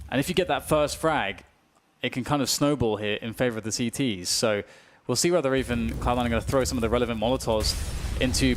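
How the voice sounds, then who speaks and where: A British male esports caster delivers rapid play-by-play in a middle register. His voice climbs into excited shouting whenever the action peaks. Steady background noise sits under the mic. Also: medium pitch. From United Kingdom. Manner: fast, climbing to excited shouts on big plays. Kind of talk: play-by-play commentary.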